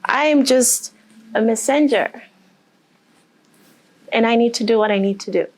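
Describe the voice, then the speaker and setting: A woman speaking as a motivational speaker, telling a personal story with emotion and then guiding a group through deep breaths and affirmations. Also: a little slow. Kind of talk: motivational talk to a live group.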